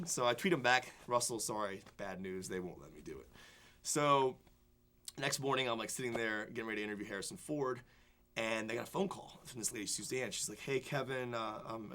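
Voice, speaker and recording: A young man, a film critic, telling an animated story in a studio interview, full of fillers and restarts. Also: medium pitch, fast talker. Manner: excited, rambling anecdotes full of fillers and restarts. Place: television studio before a student audience.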